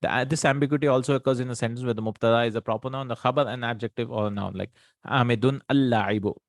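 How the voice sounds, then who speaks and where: A man's voice: medium pitch, steady tone, quick pace, no echo, studio quality. A man teaching an Arabic grammar lesson in English, patiently repeating terms with frequent thinking hums.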